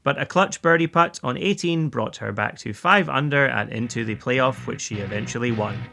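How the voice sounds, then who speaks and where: A man hosting a golf news roundup, reading scripted results in a steady way and lifting his voice at each new tour. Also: medium pitch, moderate pace, vocal fry, over music.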